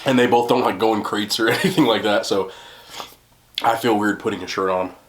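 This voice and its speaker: This young mukbang vlogger chats casually to the camera while eating, laughing a lot and making fun of himself. His voice is on the low side, steady in tone and a bit quick, and the home recording sounds roomy.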